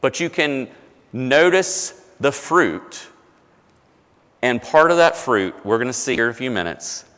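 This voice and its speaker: A man preaching a conversational sermon as pastor, often dropping low and soft to stress a point. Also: animated, a little slow, big-room sound.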